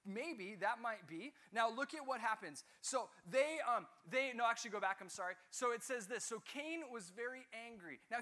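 A man teaching a Bible class, asking his students questions and joking with them. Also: sits high. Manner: lively, asks the class questions, jokes.

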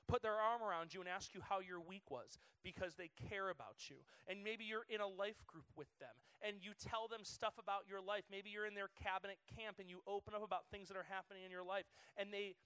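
A man in his thirties giving a chatty, excitable sermon to students as their youth pastor, full of fillers. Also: high voice, clean tone, dry recording. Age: 30s.

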